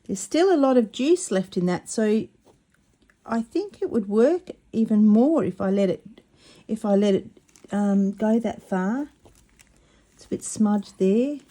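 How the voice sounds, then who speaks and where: A mellow-voiced woman talks through a craft project at her table. She is chatty and excitable, often tripping over her words. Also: mid-range voice. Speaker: craft vlogger. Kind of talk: casual craft demonstration.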